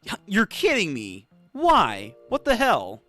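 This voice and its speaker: A young adult man hosting a manga read-through, reacting excitedly, swearing and laughing often. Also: sits high, slow pace, soft background music.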